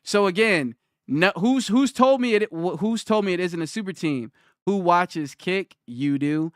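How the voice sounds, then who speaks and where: A man's voice: sits high, lively intonation, measured pace, no room sound, studio quality. A man on a live stream, ranting back at his chat in a combative, mocking way and hammering the same points over and over. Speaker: livestreamer. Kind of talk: livestream rant answering chat.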